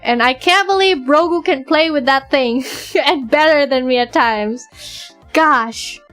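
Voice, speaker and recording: A woman streamer chatting casually and excitedly, acting out her own side of conversations in a raised voice. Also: high-pitched, a little slow, faint music behind. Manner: excitable, animated, quoting others in a raised voice. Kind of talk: casual chat.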